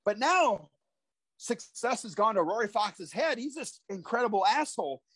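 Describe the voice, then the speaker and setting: A man in his forties from Iowa, a former pro wrestler telling animated stories as a podcast guest and acting out the voices of people in them. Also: high-pitched, normal speed, breathy edge, dry recording. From Iowa, USA. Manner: animated storyteller who acts out voices. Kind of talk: casual interview storytelling.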